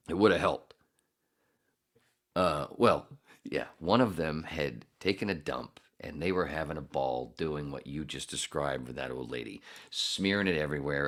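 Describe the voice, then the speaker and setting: A middle-aged man with an extremely deep, low voice tells a long, meandering story on a podcast. He swears freely, laughs often and wanders off on tangents as he goes. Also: fairly bright tone. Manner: profane, rambling, laughs often. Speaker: podcast host. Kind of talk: casual storytelling.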